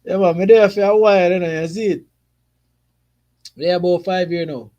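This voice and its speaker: Jamaican guy on a football livestream, bit high voice, laid back patois, keeps saying you see me. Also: steady tone, a little fast, dark tone, lo-fi sound. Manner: patois mixed with English, frequent "you see me" tags. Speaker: football streamer. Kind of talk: casual livestream chat reading viewer comments.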